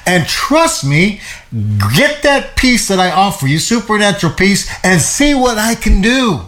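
Animated man teaching the Bible. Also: high voice, measured pace. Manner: lively, repeats words, laughs often. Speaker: Bible teacher co-hosting a show.

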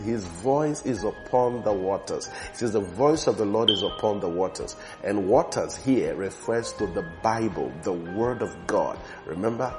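A man preaching a sermon with fervent emphasis, slowing down and stretching the words he wants to land. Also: on the low side.

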